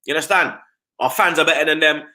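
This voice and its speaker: A man's voice: fairly high pitch, quick pace, bright, forceful tone. A man, a football fan pundit chatting casually on a live stream. He talks in heavy slang and keeps tagging his lines with "blood" and "you get me".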